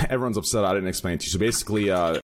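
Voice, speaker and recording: A man hosting a casual podcast chat, excitable and quick to laugh, repeating himself. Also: lowish voice, a little hiss or hum. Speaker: podcast host.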